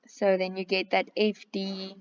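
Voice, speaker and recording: A woman's voice: mid-range voice, completely flat delivery, a little slow, clear, resonant tone. South African woman teaching a maths class. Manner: switches between English and Afrikaans while explaining; patient, step-by-step explaining. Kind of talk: classroom test review lesson. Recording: slightly dull, lo-fi recording.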